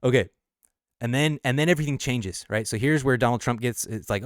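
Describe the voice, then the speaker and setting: A man's voice: mid-range voice, a little fast, no room sound, clean studio sound. A man on a casual late-night livestream, thinking aloud as he explains the lyrics of his own song. He restarts and corrects himself often and laughs easily between thoughts.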